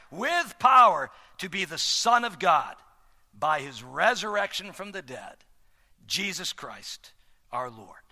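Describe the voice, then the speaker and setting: A man preaches in a strikingly high, bright voice that rises and falls with lively energy. He swings between loud, shouted emphasis and near-whispered, slowed phrases. A long reverb trails each line, as in a large sanctuary. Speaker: pastor. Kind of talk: sermon.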